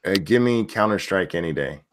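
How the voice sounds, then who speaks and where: A man with a very low, deep voice hosts a casual livestream, reading out chat messages. He talks bluntly and swears freely, with loose conversational rhythm. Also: animated, brisk, slight background noise. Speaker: streamer host reading chat.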